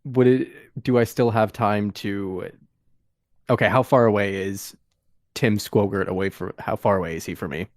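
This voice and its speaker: A man playing a tabletop game, talking hesitantly with many pauses and restarts. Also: fairly low pitch, fairly even intonation, a little mellow, no room sound, clean studio sound. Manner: hesitant, full of ums and restarts. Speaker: player.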